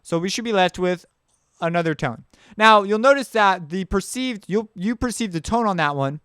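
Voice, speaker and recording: A man's voice: high-pitched, lively intonation, moderate pace, a bit bright, clear, resonant tone, dry recording, clean studio sound. A man teaching sound basics in a loose, chatty tutorial, thinking aloud as he works. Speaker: music production teacher. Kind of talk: casual screen-share tutorial.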